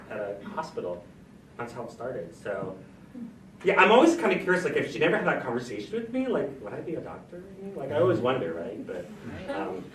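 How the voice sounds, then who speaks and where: A man speaks as a panelist in a college hall, telling his story with a lively, bouncing pitch. He acts out the conversations he recalls. The sound is roomy, picked up from a distance with some faint noise underneath. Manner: animated, acts out quoted dialogue. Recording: roomy and far from the mic.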